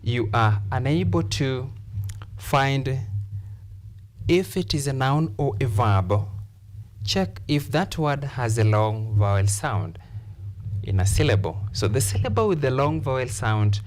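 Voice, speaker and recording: A male teacher talks at a very slow, measured pace. His pitch sits in the middle range. He says each word carefully and often repeats it for emphasis. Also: a little mellow. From Kenya. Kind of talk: classroom lesson on pronunciation.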